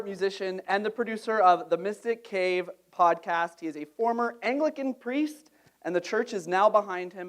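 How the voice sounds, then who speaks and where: An emcee with a mid-range voice introduces the readers at a literary launch. The delivery is casual and friendly, with a few fillers along the way. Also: mid-range voice. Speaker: event emcee.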